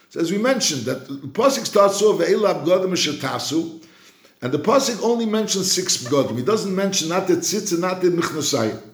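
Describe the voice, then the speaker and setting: A male rabbi teaching a Torah class, slowly chanting quoted verses and then reasoning through them with many restarts. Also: on the high side. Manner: frequent restarts and repeated words while reasoning. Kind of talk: Talmudic-style lecture. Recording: roomy echo.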